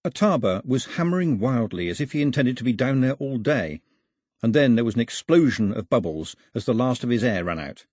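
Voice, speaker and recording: A man narrates an audiobook in an expressive storytelling style, with a mid-range voice at a slightly fast pace. The studio sound is clean, with no room sound.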